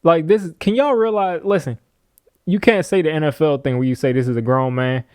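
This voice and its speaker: A man's voice: on the high side, fairly quick, darkish tone, clean tone, no echo, clean studio sound. A man narrating a casual football film breakdown, talking straight to the viewer, with chuckles and playful trash-talk asides aimed at the players on screen.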